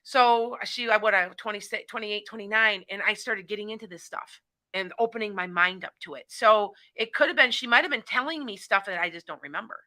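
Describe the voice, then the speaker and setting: A woman's voice: mid-range voice, brisk, sharp tone. A middle-aged woman hosting a call-in talk show, chatting in a rambling way and often restarting her sentences. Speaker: psychic radio show host. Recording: internet radio show.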